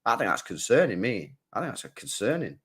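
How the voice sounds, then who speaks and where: A man's voice: on the low side, big pitch swings, brisk, fairly bright tone, husky. A man chatting casually as a football watchalong streamer, rambling and repeating his phrases for emphasis. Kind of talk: casual live-stream chat.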